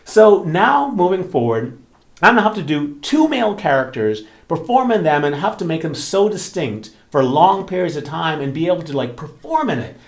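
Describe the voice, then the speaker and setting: A man's voice: a little high, normal speed. A man, a romance author and channel host, telling a story in casual chat with lots of fillers and acted-out quotes. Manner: animated storytelling, frequent fillers, acts out quoted voices. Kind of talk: casual talking-head chat.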